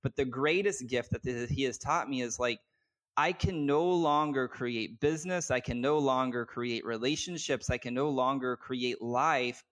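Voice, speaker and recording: A man's voice: medium pitch, moderate pace, a bit bright. A man speaking as a guest business coach, telling a personal story earnestly and from the heart, with many filler words and restarts. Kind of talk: candid personal storytelling in conversation.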